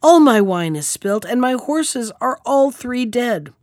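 A woman's voice: a little high, big pitch swings, a little slow, darkish tone, no room sound, clean studio sound. A woman voicing an unlucky, hot-tempered male carter who wails in self-pity. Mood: lamenting. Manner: wailing, self-pitying laments.

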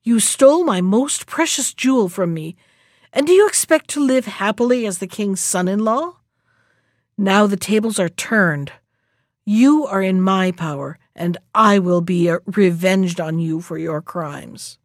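A woman's voice: mid-range voice, animated, unhurried, dry recording, studio quality. A vengeful witch maiden, as a woman reader puts her on.

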